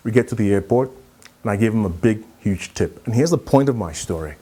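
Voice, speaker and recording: Lively, animated male storyteller. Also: on the low side, a little fast, slightly rough. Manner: animated storyteller, acts out dialogue. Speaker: keynote speaker. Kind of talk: storytelling conference talk.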